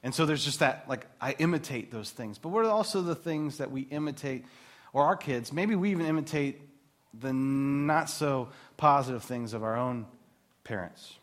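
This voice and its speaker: Preaching with a medium-pitched voice at a normal speed, the thirtysomething pastor sounds conversational and animated, often slipping into casual asides.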